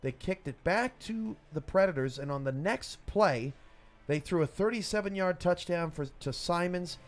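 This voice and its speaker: A man calling the plays in esports football commentary, rising to shouts on big plays. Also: high voice, lively intonation, moderate pace. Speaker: play-by-play commentator.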